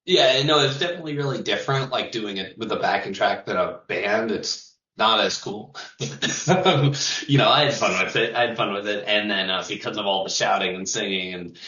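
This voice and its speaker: Laid-back metal singer, distant and roomy. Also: male voice, fairly low pitch, moderate pace, sharp tone, lo-fi sound. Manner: loose, swearing, laughing asides. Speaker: singer of a touring metal band, interview guest. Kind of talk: casual interview chat.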